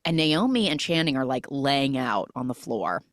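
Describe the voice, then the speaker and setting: A woman's voice: extremely low pitch, big pitch swings, normal speed, dry recording, clean studio sound. A woman recapping a film on a podcast in a casual, chatty way, full of "like" and "you know," who acts out the characters' lines as she goes. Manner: chatty, filler-heavy storytelling that acts out the lines.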